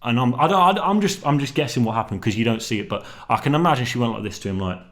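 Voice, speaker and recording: Rambling young vlogger. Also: male voice, medium pitch, lively intonation, fast. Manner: rambling and slangy, full of restarts and swearing. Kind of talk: casual solo vlog chat.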